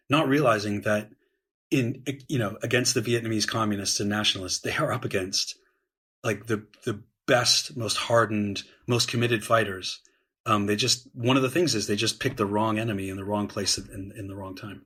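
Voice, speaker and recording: A male history professor talks through the past as a guest, eager and fluent, often restarting his phrases and voicing quotes with gusto. His voice sits low and carries a husky edge. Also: fairly quick, fairly bright tone. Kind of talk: animated conversational explaining.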